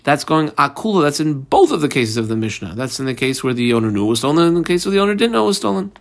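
Gravelly-voiced man teaching a text lesson. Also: a little high, big pitch swings, rapid-fire. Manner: explains step by step, reading text aloud and marking it up; mixes casual chat with quoted Aramaic terms. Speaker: Talmud teacher. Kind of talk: daily page study lesson.

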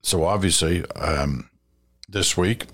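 Low-voiced guy doing a radio listener-mail bit, measured, kinda advisory, some ums. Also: fairly bright tone. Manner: measured, advising, with fillers and restarts. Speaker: radio host reading listener letters. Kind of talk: conversational radio commentary.

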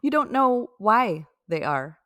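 A woman's voice: on the high side, sing-song, takes it slowly, fairly bright tone, no room sound, clean studio sound. A woman co-hosting a casual podcast with her husband, firm and teasing as she chides him. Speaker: podcast co-host. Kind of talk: casual chat between spouses.

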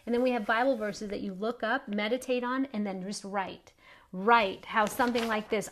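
A middle-aged woman with a slightly high voice hosts a faith podcast. She talks earnestly and pleads with her listeners, circling back to the same phrases again and again for emphasis. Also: normal speed. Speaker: podcast host. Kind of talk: faith-based encouraging talk.

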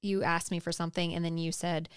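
A woman's voice: fairly low pitch, little pitch movement, fast, smooth, no room sound, studio quality. A woman co-hosting a podcast, reading listener comments aloud and chatting with curiosity. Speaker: podcast co-host.

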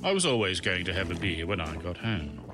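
A man's voice: low voice, sing-song, fairly quick, over music. A man hosting and narrating his own comic memoir in a wry, self-mocking storytelling manner. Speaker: podcast host and narrator.

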